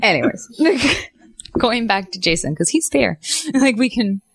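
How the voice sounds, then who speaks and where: A woman chatting on a podcast, animated and teasing, laughing often between her lines. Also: a little high, measured pace, breathy edge, dry recording. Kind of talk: casual podcast banter.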